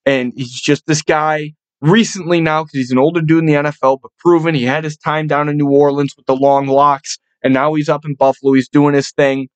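A man in his twenties hosting a sports podcast, ranting as an excited fan and swearing constantly. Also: fairly quick, hardly any pauses, clean tone, no echo, rough recording. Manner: swears constantly, gets louder and higher when hyped. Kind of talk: profane, excitable fan rant.

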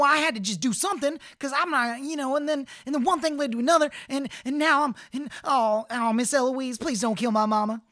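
A flustered young man , put on by a woman, stammers and repeats himself as he talks. His voice jumps up high when he panics. He sounds dry and close to the mic. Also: a bit bright, no echo.

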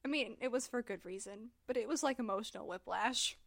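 A woman's voice: a little high, a little fast, vocal fry, no room sound. A woman recapping a book in casual podcast chat, talking loosely with lots of "like" and "um.". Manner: chatty, heavy use of "like" and "um". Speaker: podcast co-host discussing a book.

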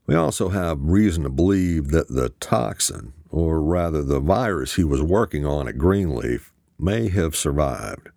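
A man voicing a stern, guarded male colonel who speaks in a calm, measured way in an audiobook. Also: a bass voice, gravelly, dry recording, studio quality, heavily acted.

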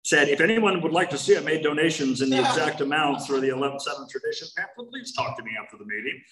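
A man's voice: on the high side, animated, fast, fairly bright tone, poor audio. Main speaker at a recovery meeting: a candid, wry man with a Californian accent, telling his story. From United States. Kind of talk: personal recovery talk.

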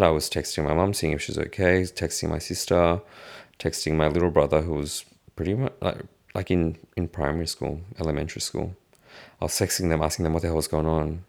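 A man's voice: deep voice, vocal fry. A young man frankly telling a personal story to camera, casual and swearing freely, often restarting his sentences. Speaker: vlogger.

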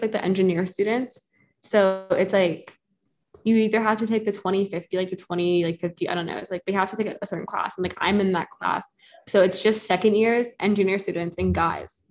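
A woman's voice: medium pitch, slight background noise. A young woman, a college student, chatting casually on a video call and filling her talk with "like" and giggles. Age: young adult. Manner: chatty, many "like" fillers, giggly. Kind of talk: casual catch-up chat.

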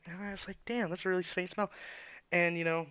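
A man's voice: high-pitched, steady tone, brisk, sharp tone, smooth, no echo. A man who works as an auto mechanic, telling shop stories in a blunt, profane, ranting way. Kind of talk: casual storytelling rant.

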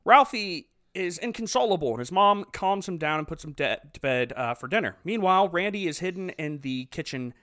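A man's voice: high-pitched, lively intonation, fairly quick, hardly any pauses, fairly bright tone, no echo, clean studio sound. A man who is a father, chatting casually and animatedly as he recaps a movie's plot, laughing often. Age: adult father. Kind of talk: casual chat retelling a movie.

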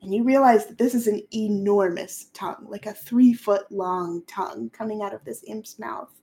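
A woman's voice: mid-range voice, normal speed, mellow. A woman as game master, narrating a tabletop role-playing game in a playful, descriptive way. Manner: playful, descriptive, laughs often.

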